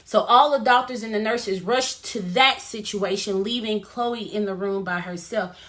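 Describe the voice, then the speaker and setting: A woman vlogger recapping a movie plot in a chatty, animated way and talking straight to her viewers. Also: medium pitch, normal speed. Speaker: movie reviewer. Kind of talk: casual plot recap vlog.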